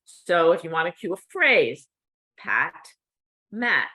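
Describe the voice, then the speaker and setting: Speaking in a low-leaning, very animated voice with a sharp edge, a middle-aged woman teaches cued speech. She goes slowly and patiently, regularly asking "okay?" to make sure the learner is following.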